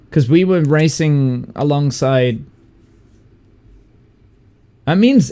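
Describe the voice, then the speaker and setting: A man's voice: fairly high pitch, dark tone. A man livestreaming a racing game who chats along as he plays. He rambles, laughs often and swears casually. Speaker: streamer. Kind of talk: live gameplay commentary.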